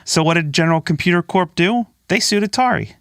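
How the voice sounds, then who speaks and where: A man's voice: sits high, expressive, a little fast, fairly bright tone, a little hiss or hum. A man co-hosting a casual podcast, telling a story with jokes and swearing. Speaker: podcast co-host.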